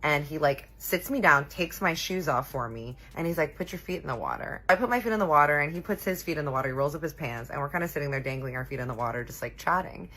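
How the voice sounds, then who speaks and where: A woman in her thirties telling a personal story in a chatty, animated way, acting out what people said. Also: low voice, fast, few pauses, breathy edge. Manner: chatty, animated, quotes people in little voices. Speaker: storytime vlogger. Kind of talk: casual storytelling.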